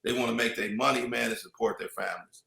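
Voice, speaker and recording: A man's voice: medium pitch, steady tone, fast, vocal fry, roomy sound, a crowd in the background, poor audio. A man in casual podcast chat, rambling with many restarts and "you know what I mean".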